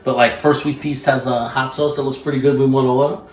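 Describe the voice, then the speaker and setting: A man's voice: medium pitch, little pitch movement, fast talker. A man chatting casually in a rambling, self-amused way while cooking at home. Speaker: home cook vlogger. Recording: echoey room.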